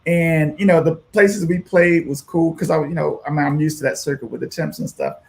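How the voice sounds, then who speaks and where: A man's voice: fairly high pitch, fairly quick, vocal fry. A man guest on a radio show, telling a long story with lots of "you know" and acted-out quotes. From United States. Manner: animated, acts out quoted voices, many fillers. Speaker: musician guest.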